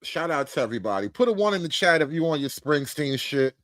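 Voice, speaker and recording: Sex: man. Origin: United States. Role: commentary host. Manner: joking, profane, slangy. Pitch: fairly high, very lively. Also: fast, no room sound. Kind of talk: casual reaction commentary.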